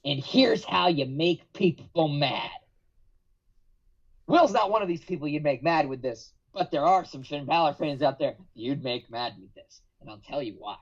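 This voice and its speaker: A man's voice: a little high, animated, moderate pace. A man on a podcast, telling a long story with drama and acting out the lines of others, with some swearing. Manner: dramatic, acts out quotes, profane. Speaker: podcast guest. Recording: dull lo-fi podcast audio.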